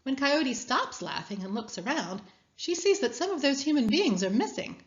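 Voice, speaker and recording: A woman reading a children's story aloud as a guest speaker, with expressive storytelling. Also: high-pitched, normal speed, lo-fi sound.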